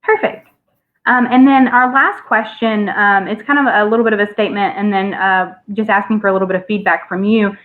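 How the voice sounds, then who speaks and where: A woman's voice: mid-range voice, steady tone, fairly quick. Woman moderator on a tinny line. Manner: hesitant, many fillers. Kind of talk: reading audience questions.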